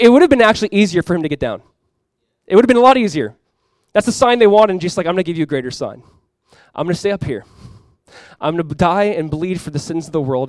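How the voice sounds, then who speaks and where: Animated, fast-talking male pastor. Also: high voice, no echo. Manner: animated, acts out quoted voices, repeats himself. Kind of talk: sermon.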